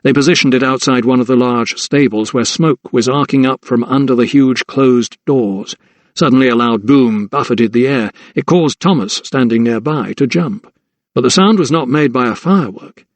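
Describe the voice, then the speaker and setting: This is a man narrating a historical mystery audiobook, paced carefully and full of suspense. His pitch is average, mid-range, and the audio is close-miked and dry with no trace of the room.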